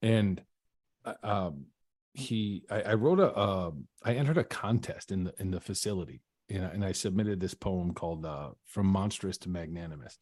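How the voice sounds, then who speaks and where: At a moderate pace and in a low, darkish voice, a man tells a personal story as a podcast guest. His delivery is earnest, marked by many false starts and repetitions. The sound is clean studio audio with no room sound.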